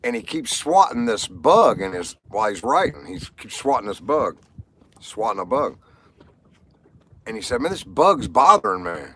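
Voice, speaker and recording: A man's voice: mid-range voice, big pitch swings, normal speed, long pauses, a bit bright, a little hiss or hum. A man hosting a casual livestream, telling rambling stories and jokes to viewers and laughing at his own punchlines. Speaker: livestream host.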